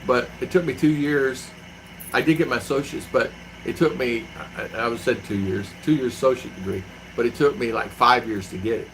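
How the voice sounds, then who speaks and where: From his home in the Philippines, a middle-aged man hosts a casual live stream, telling rambling stories and answering viewers by name. His mid-range voice runs a little fast, with background noise.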